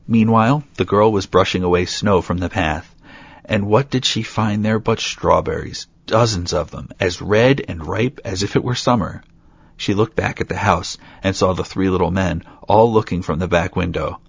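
A man with a very deep, gravelly voice reads a fairy tale aloud, steady, with light asides. His tone is husky rather than clear. The recording is dry, close and dull, with little top end. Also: moderate pace, dry recording. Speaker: storyteller.

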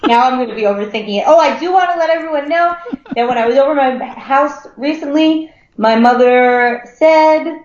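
Woman cohost, higher voice, echoey dull sound, wry teasing chat. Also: normal speed, a little mellow, slight background noise. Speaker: podcast co-host. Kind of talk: casual podcast chat.

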